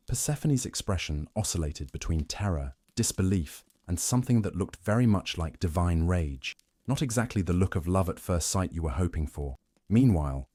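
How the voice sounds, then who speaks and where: A man narrating a humorous bedtime sleep story in a wry, deadpan manner, addressing his subject as "you". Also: sits low, dry recording, clean studio sound.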